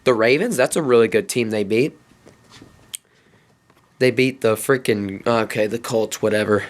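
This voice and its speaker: A man's voice: fairly low pitch, measured pace. Exasperated man ranting about his team. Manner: exasperated, emphatic, thinks aloud. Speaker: sports talk show host. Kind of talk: ranting fan commentary.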